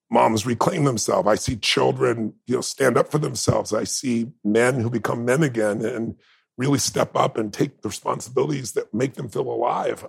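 A gravelly, husky mid-range voice belongs to a man guesting in a podcast conversation. He shares stories emotionally, in an intense, heartfelt and emphatic way.

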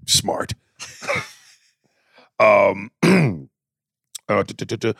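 A man's voice: on the low side, animated, extremely slow, vocal fry, long pauses, a bit bright, no room sound, clean studio sound. A man from the US South leaving a rambling, crude, joking voice message for a podcast, repeating himself as he goes.

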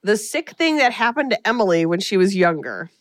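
A woman's voice: medium pitch, expressive, brisk, dry recording, clean studio sound. A woman co-hosting a podcast, recapping a film in a rambling, casual way with lots of fillers. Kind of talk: casual chat.

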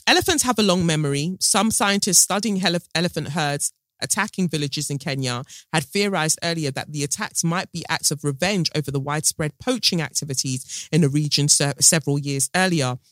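A woman's voice: sits low, brisk, hardly any pauses, a bit bright, dry recording, clean studio sound. A woman podcast host chatting casually and reading a news story aloud, with many fillers and stumbles over names.

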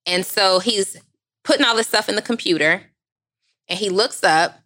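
Bright-voiced woman telling a lively story. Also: mid-range voice, moderate pace, long pauses. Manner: animated, acts out voices, laughs often. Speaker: podcast co-host. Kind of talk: casual storytelling chat.

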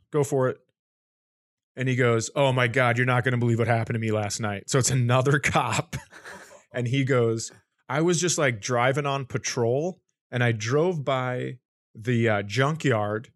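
A man in casual podcast conversation, telling a long comic anecdote at a middle pitch. He acts out the people he quotes and laughs along the way. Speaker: comedian guest.

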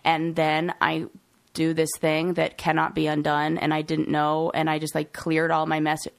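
A woman's voice: low voice, monotone, normal speed, creaky. A woman co-hosting a podcast in casual conversation, emotional and tearful, talking in a rambling way. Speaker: podcast co-host.

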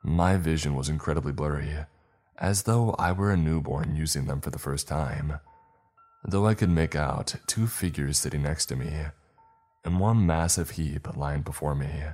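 A man narrating a first-person horror story in a measured, dramatic way. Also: a bass voice, a little mellow, faint music behind.

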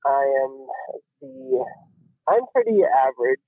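A man's voice: mid-range voice, big pitch swings, measured pace, vocal fry, dry recording. A man on a call as a departing guest, hesitant and stumbling over his words. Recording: tinny phone-like line.

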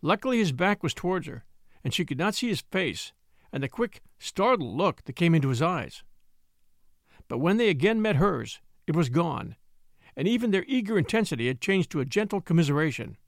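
A man narrates a classic tale as an audiobook, with expressive storytelling. His voice sits a little high and moves lively in pitch, recorded close and dry. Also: moderate pace, no echo.

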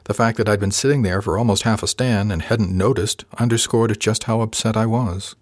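Brief: male narrator, low voice, dry close recording, calm first-person reading. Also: brisk, no room sound. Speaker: audiobook narrator.

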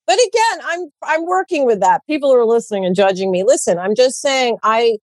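A woman in her forties in a casual podcast conversation, animated, blunt and emphatic, and she swears freely. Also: a little high, fairly quick, no room sound. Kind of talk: casual chat.

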